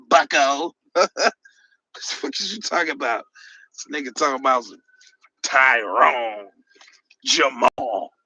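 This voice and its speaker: A man's voice: on the high side, bright, forceful tone, breathy edge, no echo, low-quality recording. A man hosting a podcast livestream, answering chat messages with sarcastic, mocking rants. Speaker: podcast host reading live chat. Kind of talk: heated livestream commentary.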